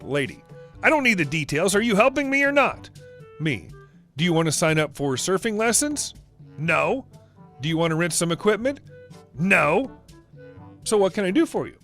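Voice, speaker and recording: High-voiced man narrating reddit stories. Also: very animated, normal speed, long pauses, fairly bright tone, soft background music. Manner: reads every character's dialogue in the same voice. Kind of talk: scripted story narration.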